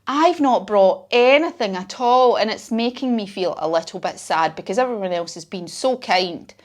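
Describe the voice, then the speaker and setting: A woman voicing a gentle male bear who feels a little sad, speaking softly in a children's yoga story. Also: mid-range voice, lively intonation, moderate pace, close to an everyday voice. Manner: soft and downcast.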